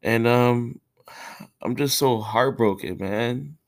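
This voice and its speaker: A tearful man talks alone on his podcast from his own room. His speech is halting and full of heavy sighs and restarts, and he uses casual street slang. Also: mid-range voice. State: tearful, has been crying. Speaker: podcast host. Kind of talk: casual solo podcast talk.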